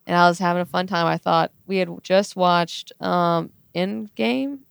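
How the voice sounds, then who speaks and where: A young-sounding woman, telling a story as a podcast guest, animated and laughing often. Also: a little slow, gravelly, clear, resonant tone, no echo. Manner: animated, laughing, quotes herself in a higher voice. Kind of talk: casual storytelling.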